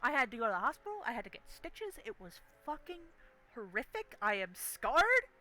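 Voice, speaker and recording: Animated, sweary woman streamer. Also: fairly high pitch, brisk. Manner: animated, profane, emphatic storyteller. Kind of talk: gameplay stream storytelling.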